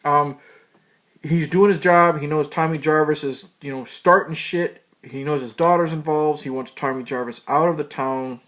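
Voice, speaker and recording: A man's voice: on the high side, steady tone, moderate pace, fairly bright tone. Male reviewer, casual and profane, loose rambling delivery with fillers. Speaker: movie reviewer. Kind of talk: casual spoken movie review.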